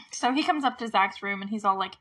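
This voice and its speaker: A woman's voice: fairly high pitch, expressive, normal speed, fairly bright tone. A woman casually recapping a movie, chatty and giggly, full of filler words and acting out the characters' lines.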